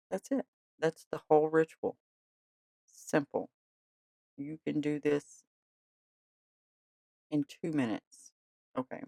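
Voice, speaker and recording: A tired late-night podcast host talks casually in a gentle, reassuring way. His mid-range voice has lots of vocal fry and a gravelly edge, recorded close and dry with no room sound.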